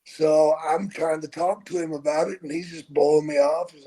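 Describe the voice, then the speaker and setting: A man's voice: a little high, fairly even intonation, warm tone, soft background music, rough recording. Profane older man spinning a yarn. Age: 60s. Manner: profane, unhurried storyteller. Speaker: podcast host telling his own story. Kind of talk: casual storytelling.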